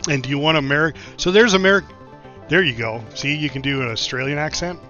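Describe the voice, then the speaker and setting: Man streamer, bright forceful voice, chatty gameplay commentary, dull lo-fi mic with faint music behind. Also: fairly high pitch, fast. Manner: chatty, thinking aloud with many fillers.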